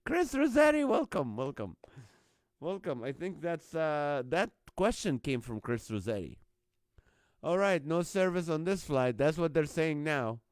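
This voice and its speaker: Man hosting a live comedy stream, chuckles a lot, smooth voice, fairly high, dry close sound. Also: big pitch swings, a little slow, dry recording. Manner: laughs often at his own jokes; reads viewer comments and greets viewers by name. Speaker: host of a live comedy show. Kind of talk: live-stream chat reading viewer jokes.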